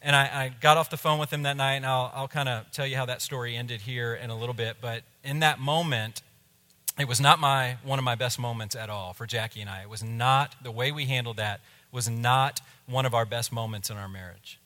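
A pastor tells a story from the pulpit with a bright, forceful voice. He is animated, then drops to a near hush when the tension builds. A long reverb from a big hall hangs behind every line. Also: mid-range voice, a little fast. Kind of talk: sermon storytelling.

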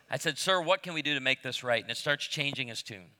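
A man's voice: mid-range voice, fast, few pauses, slight background noise. A man in his fifties preaching a sermon, telling humorous stories and acting out the voices of the people in them. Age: 50s. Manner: animated storyteller, acts out voices. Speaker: pastor. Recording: long hall reverb.

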